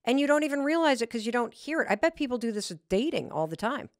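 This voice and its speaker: A woman hosting a podcast interview, talking in an animated way and reacting with quick questions. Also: fairly high pitch, no room sound, clean studio sound. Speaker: podcast host.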